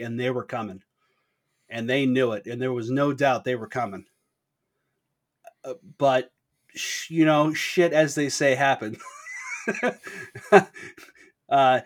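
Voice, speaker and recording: A man co-hosts a relaxed podcast and chats in an animated, self-deprecating way. He often trails off and restarts his sentences. His voice sits at an ordinary male pitch. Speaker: podcast co-host. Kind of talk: casual chat.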